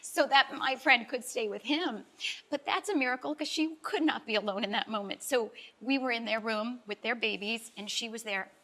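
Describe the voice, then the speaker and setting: A woman's voice: on the high side, normal speed, bright, forceful tone. A middle-aged woman, a life coach guest, telling an emotional personal story in a talk-show interview, earnest and heartfelt and close to tears at times.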